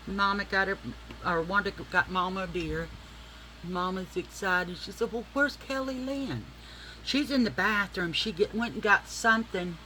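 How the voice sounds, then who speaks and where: A woman vlogging as she does her makeup, telling a story in a chatty, animated and profane way, acting out the people in it. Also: mid-range voice, a little hiss or hum, poor audio. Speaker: beauty vlogger.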